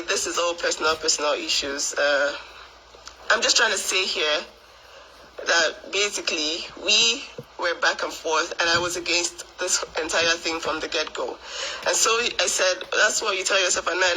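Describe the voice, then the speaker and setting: High, bright-voiced man recapping a quarrel. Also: a little hiss or hum, poor audio. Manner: rambling, filler-heavy retelling. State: exhausted. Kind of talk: casual recap of an online dispute.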